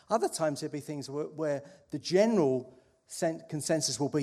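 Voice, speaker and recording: A man preaching to a congregation in an unhurried, reflective way, often restarting his sentences. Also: on the high side, creaky, darkish tone. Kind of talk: sermon introduction.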